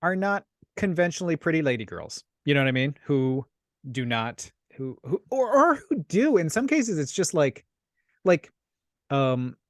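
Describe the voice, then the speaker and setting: A man's voice: mid-range voice, no echo, studio quality. A man co-hosting a podcast, talking in a casual, rambling way with frequent restarts and laughs. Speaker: podcast co-host. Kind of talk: casual chat.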